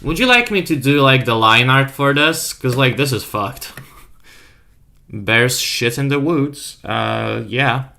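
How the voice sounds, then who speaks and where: Expressive and slow, a young man's mid-range voice is bright and forceful with vocal fry, shaped by a self-made accent, and English isn't his native language. He hangs out on an art stream, reading chat aloud and trolling in a playful way.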